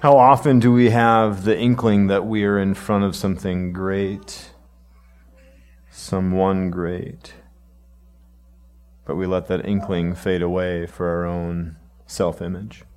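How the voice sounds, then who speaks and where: A man preaching a sermon, slow and reflective, asking the listeners questions. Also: low voice, little pitch movement, darkish tone.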